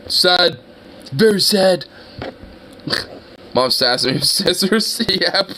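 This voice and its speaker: An excitable young man hosts a reaction video, laughing and swearing through loud exclamations. His voice sits high and sounds bright and forceful. He drags his words out at an unhurried pace. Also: slight background noise.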